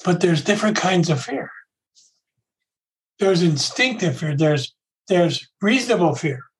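A man's voice: a little high, animated, a little slow, rough recording. A man giving a casual, conversational talk on a recovery program, often repeating himself and voicing his own inner thoughts aloud.

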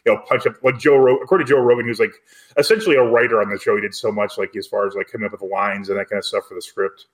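A man's voice: lowish voice, fairly even intonation, rapid-fire. A man co-hosting a podcast, chatting casually and rambling with lots of "like" fillers. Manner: rambling, filler-heavy with frequent "like". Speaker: podcast co-host. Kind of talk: casual chat.

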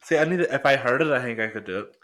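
A young man from Northern Ireland co-hosts a podcast in a small home studio, rambling in casual chat with lots of "like" and swearing. His mid-range, fairly bright voice has lively intonation and a very fast pace.

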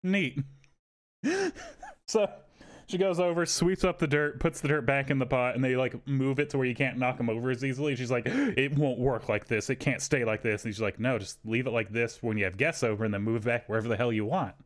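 A man's voice: mid-range voice, fairly quick. A man on a podcast telling a rambling, profane story and acting out the people in it. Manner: animated, swearing, acts out quotes in raised voices. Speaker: podcast co-host. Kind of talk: casual storytelling chat.

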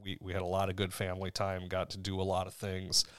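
Low-voiced man chatting casually. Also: fast, no echo, clean studio sound. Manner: relaxed, rambling, laughs often. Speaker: podcast co-host. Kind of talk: casual chat.

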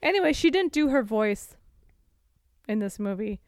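A woman co-hosting a casual podcast, recapping a movie and acting out the characters in quick voices. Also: on the high side, animated, dry recording, studio quality. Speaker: podcast co-host.

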